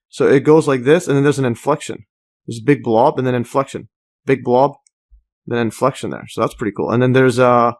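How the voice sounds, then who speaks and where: A man explaining a math graph as he works, thinking aloud with many fillers, restarts and enthusiastic asides. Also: mid-range voice. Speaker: math tutor. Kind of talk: casual screen-recorded math walkthrough.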